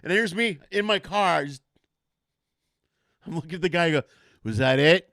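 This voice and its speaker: A man with a bright, forceful voice hosts a casual comedy podcast, rambling through anecdotes and throwing himself into the quotes. His pitch sits a touch high for a man, and the sound is dry and close. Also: normal speed, no room sound. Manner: rambling storyteller, animated, acts out quotes. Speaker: host.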